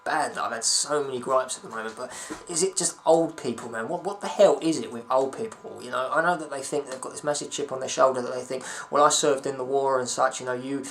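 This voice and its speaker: A man's voice: mid-range voice, fast, a little hiss or hum. Young man ranting, sweary. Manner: rambling, sweary, sarcastic. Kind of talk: casual ranting vlog. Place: at home.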